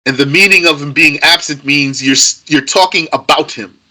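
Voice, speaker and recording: A man's voice: a little high, normal speed, sharp tone, rough recording. A man teaching an Arabic grammar lesson to a class, patient and repetitive, stressing key points emphatically.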